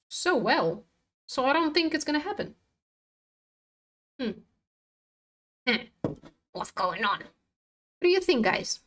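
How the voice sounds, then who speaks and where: Tired, swearing woman streaming her trades. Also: a little high. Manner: frank and profane, tired, chats with viewers. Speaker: trading livestream host. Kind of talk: casual live-stream commentary.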